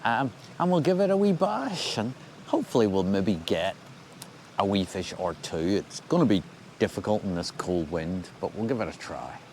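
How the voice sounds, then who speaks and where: A man's voice: on the low side, expressive, normal speed, darkish tone. An older Scottish man talking casually to the camera as he walks across a windy moor, rambling and dryly humorous. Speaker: angling vlogger. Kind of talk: casual walking commentary. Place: outdoors on a windy moor by a loch.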